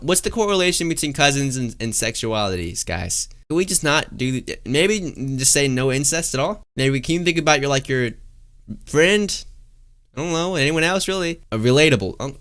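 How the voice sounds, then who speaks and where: A man's voice: a little high, animated, normal speed, fairly bright tone, clean tone. A young man streaming live, chatting casually and reading out viewer messages, rambling with lots of fillers and calling everyone "guys" and "bro".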